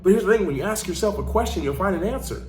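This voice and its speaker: A man's voice: sits high, expressive, very fast, a little mellow, faint music behind. Earnest motivational man in an echoey room. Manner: earnest, emphatic storytelling with repetition. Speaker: life coach and channel host. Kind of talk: motivational talk. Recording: roomy echo.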